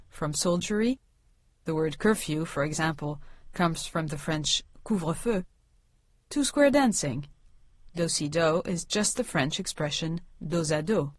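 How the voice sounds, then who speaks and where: A woman giving scripted narration for a language course, with clear, measured enunciation that slows down for pronounced example words. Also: fairly low pitch, no room sound.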